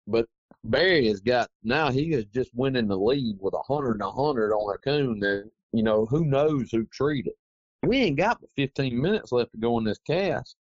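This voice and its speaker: A man's voice: medium pitch, normal speed, no room sound. A man, telling a rambling, folksy story as an interview guest. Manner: rambling, folksy, animated retelling. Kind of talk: casual anecdotal storytelling. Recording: dry, dull lo-fi recording.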